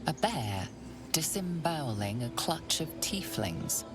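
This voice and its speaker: A woman narrating a video game in a hushed, descriptive way. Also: deep voice, sing-song, slow, over music, full character voice. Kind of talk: scripted narration.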